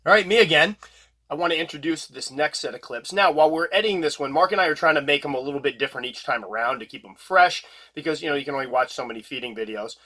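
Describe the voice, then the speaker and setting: A man's voice: a little high, quick pace, pushed and bright. A middle-aged man with a New England accent, hosting his own channel and talking casually to camera, joking and trash-talking about himself. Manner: joking, self-mocking trash talk. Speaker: tarantula keeper and channel host. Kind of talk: casual vlog talk to camera, mock fight interview.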